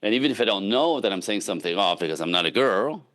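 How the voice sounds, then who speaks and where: Deep-voiced man giving emphatic relationship advice. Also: quick pace. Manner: emphatic, animated, frequent "right?" tags. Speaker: relationship coach, podcast guest. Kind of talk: casual conversational advice.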